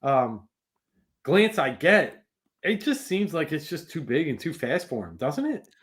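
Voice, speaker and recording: Man, frustrated sports rant, slightly higher voice. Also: very animated, a little slow. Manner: frustrated, ranting. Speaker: podcast co-host. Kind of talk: casual sports talk.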